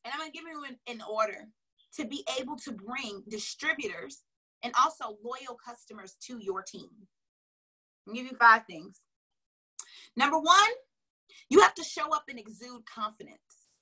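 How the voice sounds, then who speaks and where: A woman delivers a motivational coaching talk in a bright, sharp tone with a slightly husky edge. She is casual and chatty, stressing each point and repeating phrases for emphasis. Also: on the high side, animated, moderate pace, pauses often, rough recording. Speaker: sales coach.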